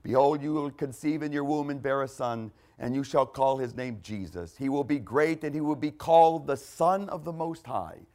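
A man's voice: medium pitch, moderate pace, hardly any pauses, mellow. A man preaching a sermon, reading scripture aloud and pressing his points with emphatic bursts. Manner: emphatic, quoting scripture with rising intensity.

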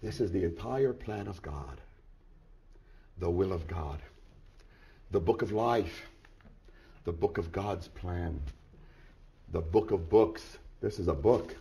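A man preaching a sermon through a scripture passage, dropping to hushed tones and then building to loud, emphatic bursts, with repeated rhetorical questions. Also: low-pitched, takes it slowly, vocal fry, pauses often. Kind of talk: expository sermon reading from scripture.

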